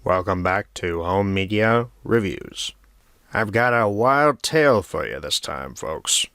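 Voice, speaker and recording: A man putting on a low, slow, theatrical old-time movie narrator voice. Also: animated, fairly bright tone, full character voice. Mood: ominous. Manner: slow, ominous, theatrical delivery.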